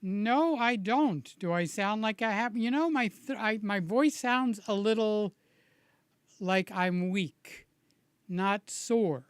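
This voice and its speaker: A slow, rambling man chats casually with his live viewers, his voice a little hoarse. His tone stays smooth and clear, and the recording sounds dry and close. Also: high voice, dry recording. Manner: slow, rambling and friendly, greets viewers by name. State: slightly hoarse from shouting. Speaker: vlogger chatting with live viewers. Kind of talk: casual live-stream chat.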